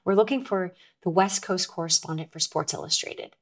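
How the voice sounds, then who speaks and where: A woman's voice: lowish voice, brisk. A woman quoting a breezy, friendly male TV producer in her own voice.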